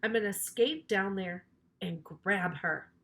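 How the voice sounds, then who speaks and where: A woman's voice: mid-range voice, slow, a bit bright. A woman doing a bold young skater girl. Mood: determined. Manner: determined, eager.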